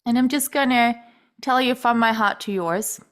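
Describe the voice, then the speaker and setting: A woman hosting a podcast, effusive and rambling, full of fillers and warm praise. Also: on the high side, moderate pace. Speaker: podcast host. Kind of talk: emotional casual chat.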